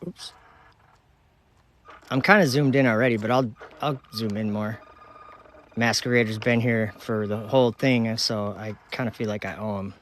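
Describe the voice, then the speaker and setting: Speaking at a normal speed with frequent pauses, this Minnesota man's voice runs low and stays fairly even in intonation. He's hosting a relaxed nighttime livestream outdoors on his phone, talking with viewers, reading out their comments, and laughing easily.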